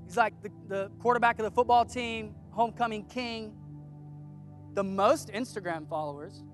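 A man with a notably high voice delivers a relaxed, chatty sermon. He tells stories with plenty of animation and slips into the voices of the people he quotes. Faint music plays softly behind him. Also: moderate pace. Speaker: preacher. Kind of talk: casual conversational sermon.

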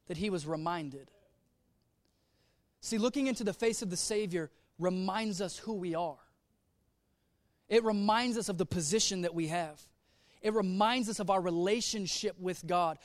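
High-voiced humorous preacher. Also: male voice, unhurried, pauses often, no echo. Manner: humorous and conversational, dropping to soft, earnest tones. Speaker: pastor. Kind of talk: sermon.

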